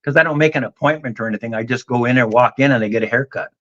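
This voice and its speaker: A man's voice: medium pitch, racing, a bit bright, dull audio. A middle-aged man, telling a long story in a folksy, drawling way on a casual talk show. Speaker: guest on a vinyl community live show.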